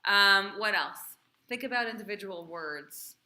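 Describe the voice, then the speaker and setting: A woman's voice: medium pitch, lively intonation, measured pace, bright, forceful tone. A female cantor teaching a class, quizzing and encouraging her students in a chatty way.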